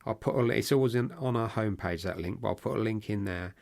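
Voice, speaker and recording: Chatty gravelly podcast host. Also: male voice, fairly low pitch, fast talker, a little mellow. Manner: chatty, rambling, jokey. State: voice going hoarse. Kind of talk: casual podcast chat.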